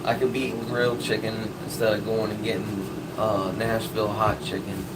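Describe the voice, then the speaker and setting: A man's voice: on the low side, flat delivery, fairly quick, far from the mic, heavy background noise. A man hosting a live stream in casual chat, laid-back and slangy, swearing freely.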